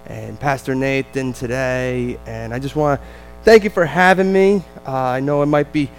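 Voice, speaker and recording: A man with a New Jersey accent, a visiting missionary telling a lively, self-deprecating family story to a church congregation. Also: mid-range voice, normal speed, smooth, soft background music, rough recording.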